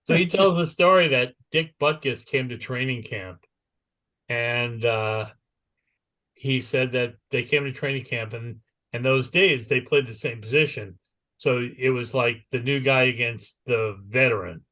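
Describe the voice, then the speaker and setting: A man's voice: medium pitch, measured pace, pushed and bright. A man co-hosting a podcast, telling a long anecdote in casual chat and repeating "he goes" as he narrates. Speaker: podcast co-host.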